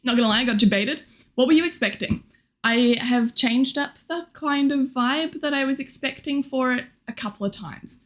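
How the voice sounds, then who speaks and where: A woman's voice: sits high, moderate pace, fairly bright tone. A young woman streaming live, chatting casually and greeting viewers, giggly and scattered, her voice a little worn. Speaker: Twitch streamer.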